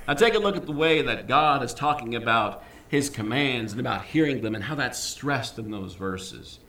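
A man preaching a sermon as pastor, emphatic and animated, dropping quick jokes and asides. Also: mid-range voice, roomy sound.

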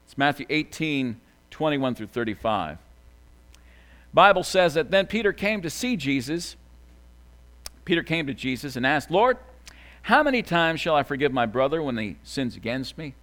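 Male pastor, fairly high voice, very lively pitch, dramatic hushed-to-loud delivery, repeats key lines. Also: normal speed. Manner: dramatic swings between soft hushed lines and loud emphatic ones; repeats key phrases for emphasis. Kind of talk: sermon.

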